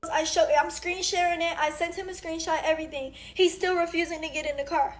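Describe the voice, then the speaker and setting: A woman's voice: very high-pitched, fairly even intonation, a little fast. A young woman in her twenties giving a tearful, rambling and blunt account of her own experience. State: crying. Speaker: celebrity venting on social media. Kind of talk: emotional personal account.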